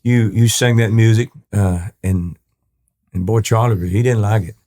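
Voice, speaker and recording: A man's voice: fairly low pitch, unhurried, mellow. Man from East Texas telling rambling stories. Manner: rambling anecdotes, acts out quoted voices, many restarts. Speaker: guest, country singer. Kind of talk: storytelling interview talk.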